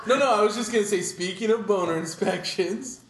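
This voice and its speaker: Rambling, laughing podcast co-host with a high, animated voice; roomy recording with crowd behind. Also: male voice, fast. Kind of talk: casual group chat. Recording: echoey room with crowd noise.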